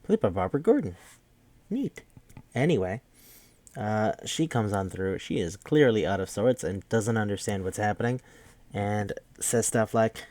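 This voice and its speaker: A man's voice: on the low side, lively intonation, a little slow, a little mellow, no echo. Rambling, profane man recapping a movie. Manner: rambling, profane, full of fillers. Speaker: podcast host.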